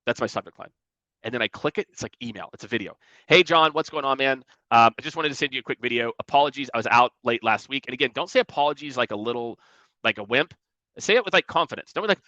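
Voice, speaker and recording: A man giving energetic sales coaching in a conversational way, often acting out emails and calls in mocking voices. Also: medium pitch, fast, no echo, lo-fi sound. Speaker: sales trainer.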